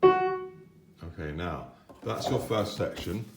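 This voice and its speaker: Male piano teacher for kids, low voice, patient and encouraging, roomy echo with piano playing. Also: expressive, normal speed. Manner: patient, encouraging, sings note patterns. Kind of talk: children's piano lesson.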